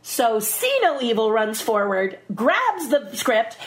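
A middle-aged woman spinning a story as a guest. She talks in a lively way, her pitch leaping up and down, and slips into brief voices for the people she describes. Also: takes it slowly. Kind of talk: animated anecdote.

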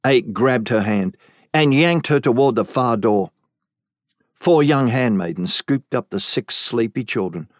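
A man narrating a fantasy novel audiobook in a measured, deliberate storytelling manner. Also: on the low side, no room sound, clean studio sound. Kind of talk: scripted narration.

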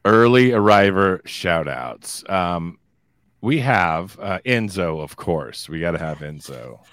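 A man's voice: low-pitched, expressive, slow pace, fairly bright tone, no echo, clean studio sound. A man co-hosting a casual podcast, joking and swearing freely. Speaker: podcast co-host.

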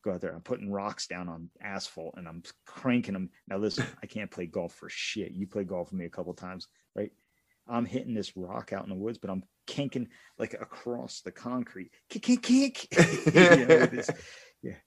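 A man co-hosting a casual podcast, telling profane, animated stories from his youth. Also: on the low side, moderate pace, dry recording. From Pittsburgh area. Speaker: podcast co-host. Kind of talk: casual storytelling chat.

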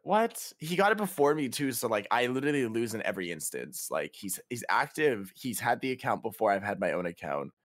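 A man's voice: mid-range voice, big pitch swings, a little fast, few pauses, a bit bright, no room sound, clean studio sound. A young man co-hosting a casual podcast, playful and laughing, with mock self-pity. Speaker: podcast co-host.

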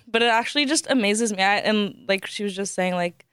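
A woman's voice: mid-range voice, fairly quick, a bit bright, clear, resonant tone. A woman telling a story about her best friend in a chatty way, acting out what people said. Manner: chatty, acts out quoted dialogue. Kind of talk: casual storytelling.

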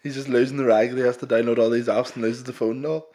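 A man's voice: mid-range voice, level tone, fast talker, warm tone. A Northern Irish man co-hosting a podcast in casual chat, rambling in a laid-back, self-mocking way. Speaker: podcast co-host.

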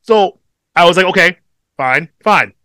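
Animated, swearing man telling a story. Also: high-pitched, measured pace, no room sound, studio quality. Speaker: podcast co-host. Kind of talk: casual storytelling chat.

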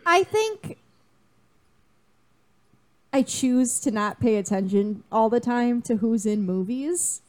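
A woman's voice: on the high side, expressive, slow pace, pauses often. A woman co-hosting a casual podcast, full of dramatic, self-mocking exclamations. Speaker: podcast co-host. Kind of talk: casual chat.

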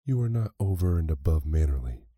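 A man voicing a kindly female fairy in a storybook reading, speaking gently and formally in a raised voice. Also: rumbling low, big pitch swings, brisk, breathy edge, no echo, clean studio sound, full character voice. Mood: stern. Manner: gentle, formal old-fashioned speech.

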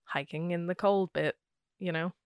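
A woman's voice: on the low side, steady tone, moderate pace, clean tone, no room sound, clean studio sound. A woman co-hosting a podcast in casual chat, talking with lots of "like" and quoted asides. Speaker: podcast co-host.

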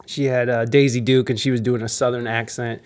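A man's voice: medium pitch, level tone, brisk. A man hosting a casual interview, rambling with many filler words and loose, restarted phrases. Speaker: interview host.

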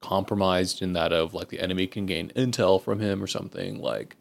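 A man's voice: deep voice, fairly even intonation, brisk, gravelly. A man playing a tabletop game, talking casually and rambling. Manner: rambling, lots of fillers. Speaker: player.

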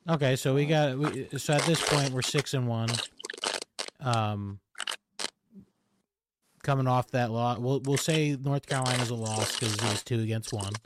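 A man's voice: medium pitch, measured pace, long pauses. Man, podcast co-host, casual sports chat, noisy call audio. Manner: relaxed, rambling with fillers. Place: home setup on a call.

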